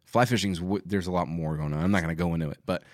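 A man as a podcast guest in casual chat, relaxed and rambling, with many fillers. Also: deep voice, rapid-fire, no room sound, studio quality.

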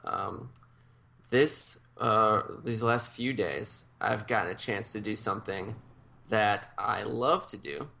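A man's voice: on the low side, slow, gravelly, pushed and bright. A man co-hosting a podcast in easygoing casual chat. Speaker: podcast co-host.

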